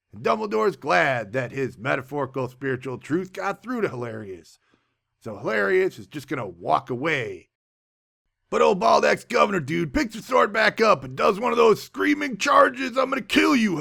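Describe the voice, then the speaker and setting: A man giving a sarcastic comic recap of a movie, with deadpan asides. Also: fairly high pitch, gravelly. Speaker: movie reviewer.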